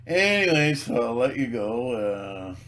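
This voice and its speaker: A man's voice: medium pitch, big pitch swings, unhurried, fairly bright tone. A man video blogging in a rambling, theatrical, joking monologue.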